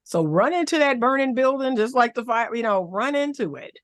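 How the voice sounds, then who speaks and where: A woman therapist and relationship coach, speaking as a podcast guest in an animated, emphatic way, often repeating phrases for effect. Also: on the high side, normal speed, dry recording.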